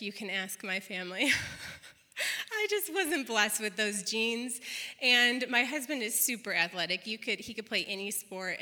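A woman in her thirties preaches a sermon in a chatty way, laughing often as she tells a family story. Her voice is medium-pitched, pushed and bright, with long hall reverb on the recording.

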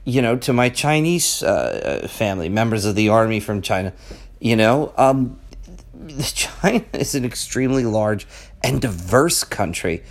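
A man's voice: lowish voice, expressive, unhurried. A middle-aged man talking off the cuff as a vlogger, rambling and conversational, with emphatic rhetorical questions and a habit of tacking "okay?" onto his points. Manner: rambling and conversational, peppers talk with "okay?" and "you know". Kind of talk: casual off-the-cuff monologue.

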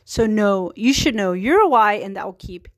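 A woman's voice: mid-range voice, expressive, normal speed, no room sound. Giggly chatty woman podcaster, dry sound. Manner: chatty, giggly, self-deprecating, earnest. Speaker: podcast host. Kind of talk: casual solo podcast monologue.

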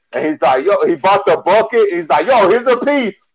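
A man's voice: sits high, very animated, brisk, slightly rough, dry recording, rough recording. A man with a Miami accent, a podcast host rambling through a story in casual group chat with lots of restarts.

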